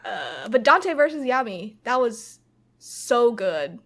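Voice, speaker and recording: A woman co-hosting a casual podcast, chatty and quick to laugh. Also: on the high side, very animated, fairly bright tone. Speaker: podcast co-host. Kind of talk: casual chat.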